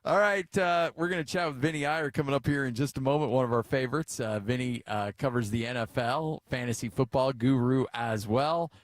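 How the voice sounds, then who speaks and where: A man's voice: medium pitch, a little fast, hardly any pauses, no echo. A middle-aged American man hosting a sports radio show, chatty and joking, telling stories in a casual way.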